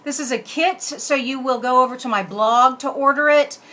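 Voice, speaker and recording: Her high-pitched voice is bright and forceful, moving at normal speed as she chats casually on a live stream for her card-making channel. She talks to herself while working the computer, in an echoey room with faint background noise.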